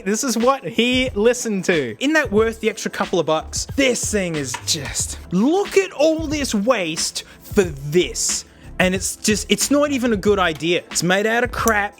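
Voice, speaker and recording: Excitable jokey Australian man. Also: high-pitched. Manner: excitable, jokey, swings loud and soft. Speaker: tech vlogger. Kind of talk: casual chat.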